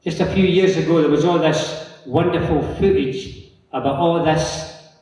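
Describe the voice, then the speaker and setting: A Scottish man with a fairly high voice tells a long, rambling story to a conference audience. He acts out the other people's lines as he goes. He is picked up from a distance in a big hall with a long, echoing reverb. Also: fairly even intonation, measured pace, a little mellow. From Scotland. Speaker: local councillor giving a talk. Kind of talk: anecdotal conference talk. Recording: echoey hall from far off.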